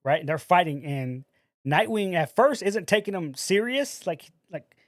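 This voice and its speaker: A man co-hosts a podcast in casual chat, retelling a story with animated energy. He acts out the quotes and drops "bro" into his talk. His voice sits slightly high and the sound is close and dry. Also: a little slow, no echo. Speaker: podcast co-host.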